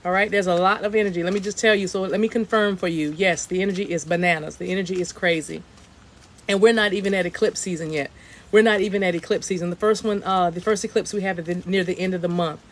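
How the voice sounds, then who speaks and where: A woman's voice: lowish voice, fairly even intonation, quick pace. A woman hosting a livestreamed spiritual reading from her outdoor deck. She chats casually, repeats her phrases and drops into chanted light language. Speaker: spiritual reader.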